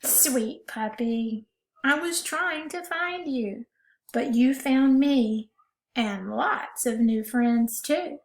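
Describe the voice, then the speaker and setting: A woman voicing a cheerful little girl looking for her puppy in a storybook, reading slowly in a sing-song way. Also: fairly high pitch. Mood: relieved, sweet. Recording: roomy echo.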